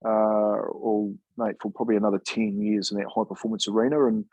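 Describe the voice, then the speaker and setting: A man's voice: lowish voice, little pitch movement, fairly quick, darkish tone, breathy edge, no echo, lo-fi sound. A man in his fifties from New Zealand, a former player and coach, telling stories in a laid-back, chatty way and calling people "mate". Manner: laid-back, chatty, says "mate" often, acts out quoted dialogue. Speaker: former rugby league player and coach, guest. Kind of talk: casual storytelling interview.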